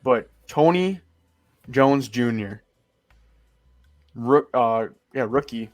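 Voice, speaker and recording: A man's voice: mid-range voice, animated, slow pace. Blunt, cursing young man in sports banter. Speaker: podcast co-host. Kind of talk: casual sports chat.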